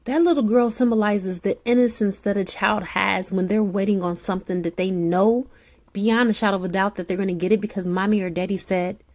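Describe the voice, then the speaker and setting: A woman's voice: mid-range voice, steady tone, a little fast, darkish tone. A woman tarot reader speaking straight to the listener in a soothing spiritual pep talk, repeating her encouragements.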